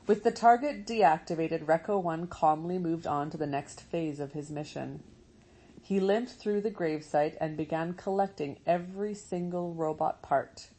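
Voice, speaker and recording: A woman reading a storybook aloud as narrator, in a measured, steady way. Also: low voice, slightly rough, rough recording. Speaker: audiobook narrator.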